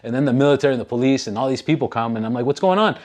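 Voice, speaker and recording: Brief: man, 30s, talk-show host, animated storyteller, swears freely, mid-pitched voice. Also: racing. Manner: animated, profane, acts out quoted people. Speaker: podcast host. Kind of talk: casual storytelling.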